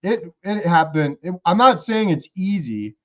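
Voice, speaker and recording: A man's voice: sits high, big pitch swings, unhurried, dull audio. A man hosting a casual interview, supportive with short agreeing replies. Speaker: host.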